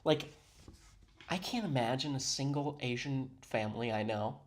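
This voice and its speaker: A man's voice: medium pitch, normal speed, faint music behind. A man giving sarcastic, mock-serious commentary on a video he is playing. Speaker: reaction commentator.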